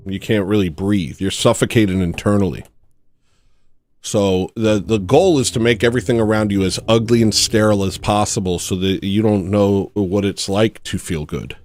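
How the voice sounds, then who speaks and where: Low-voiced man rambling a comedy monologue. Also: fairly even intonation, moderate pace, darkish tone. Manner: rambling, jumps between tangents, laughs at his own jokes. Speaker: livestream host.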